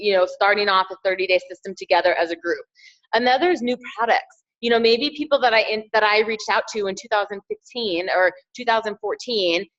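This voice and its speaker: A woman's voice: fairly high pitch, fairly bright tone, lo-fi sound. A woman giving an upbeat motivational training talk as a team trainer, encouraging her listeners and repeating key phrases.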